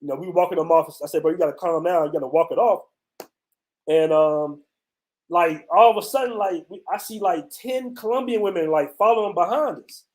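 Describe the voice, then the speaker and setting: Travel host from the US, man, slightly high voice, loose slangy storyteller talking to his viewers outside. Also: fairly quick. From United States. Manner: loose, animated retelling with slang and repeated "man" and "bro". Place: outdoors on a city street at night.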